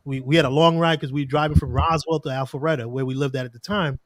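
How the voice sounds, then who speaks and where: A man's voice: mid-range voice, fairly even intonation, fast, no echo, clean studio sound. A man, a podcast guest telling stories in earnest, casual conversation. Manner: earnest storytelling with lots of "like" and quoted asides.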